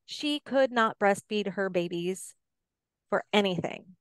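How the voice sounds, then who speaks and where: A middle-aged woman speaks as a podcast guest, offering encouraging advice in an earnest way. Her voice is smooth and resonant. The sound is dry and close, with no room around it. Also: mid-range voice, takes it slowly, no room sound. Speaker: podcast guest, life coach. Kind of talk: casual podcast conversation.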